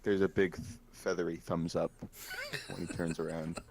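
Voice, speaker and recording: A man's voice: deep voice, level tone, normal speed, creaky, noisy background. A man playing a tabletop game, easygoing and playful. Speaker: player.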